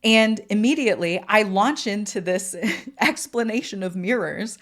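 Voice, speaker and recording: A woman's voice: normal speed, fairly bright tone. Chatty young woman telling a dream. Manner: chatty, rambling, many restarts and "right?" tags; acts out quoted lines in a high bubbly voice. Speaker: podcast host. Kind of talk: storytelling monologue.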